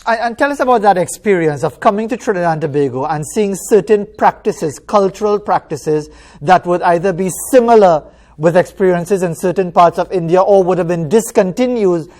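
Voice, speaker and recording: A host moderating a panel interview in a polite, halting way, often repeating the first words of a phrase. The voice sits at a middling pitch. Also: darkish tone.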